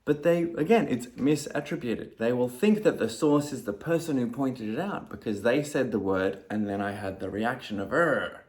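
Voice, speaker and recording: A man in a casual talk to camera, calmly explaining, with his voice jumping loud and high when he acts out his own replies. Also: normal speed, hardly any pauses. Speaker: video creator talking about ADHD.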